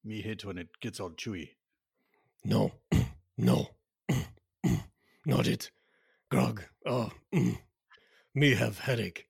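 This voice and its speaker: A man's voice: on the low side, slow pace, creaky, pauses often, husky, no room sound, clean studio sound, full character voice. A man voicing a dim male caveman with a headache, speaking in broken grammar. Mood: grumbling.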